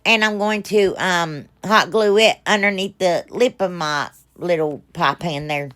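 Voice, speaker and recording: A woman's voice: on the low side, a little slow, a bit bright. A middle-aged woman, narrating her craft project in a rambling, chatty, self-deprecating way full of fillers. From United States. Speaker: craft channel host. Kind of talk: casual crafting voice-over.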